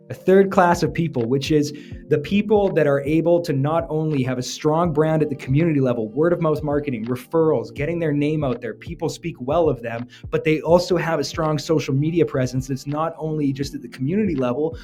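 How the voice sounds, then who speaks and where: Male entrepreneur, 30s, high-ish voice, punchy motivational delivery with jokes, soft music bed. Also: a little fast. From Canada. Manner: energetic, joking, emphatic. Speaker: entrepreneur giving business advice. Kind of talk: motivational business talk to camera.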